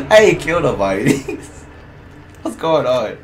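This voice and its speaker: A man streaming a shooter game, swearing, laughing and reacting loudly as he plays. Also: mid-range voice, very animated, slow, noisy background. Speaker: gaming streamer. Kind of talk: casual gameplay commentary.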